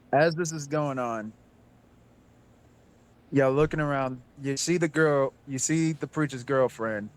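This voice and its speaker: Man, game master, unhurried and loose, trails and repeats phrases. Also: a little high, poor audio. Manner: casual, repeats himself and restarts often. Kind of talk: narrating a tabletop game.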